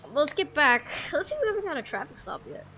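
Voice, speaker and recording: A woman's voice: high voice, very animated, fast talker, pushed and bright, muffled recording, slight background noise. A woman giving casual, chatty commentary while playing a police game, often laughing and talking to the characters. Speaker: gamer playing a police sim.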